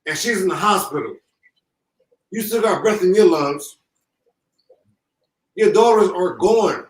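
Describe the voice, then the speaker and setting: A grieving father speaking through tears, halting and repeating himself with deep emotion. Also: lively intonation. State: holding back tears. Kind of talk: emotional live call-in. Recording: echoey call from far off.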